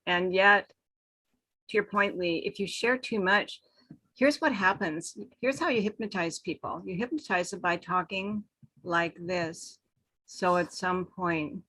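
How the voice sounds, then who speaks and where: A woman speaking coach on a video-call panel, animated, acting out slow and fast delivery to make her points. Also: fairly low pitch, dry recording, low-quality recording. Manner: animated, acts out speaking styles, shifts between slow and fast. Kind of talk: panel talk with advice.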